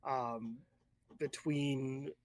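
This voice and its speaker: A man narrating a tabletop role-playing game as game master, describing scenes in a halting, searching way. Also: mid-range voice, fairly even intonation, a little mellow, no echo.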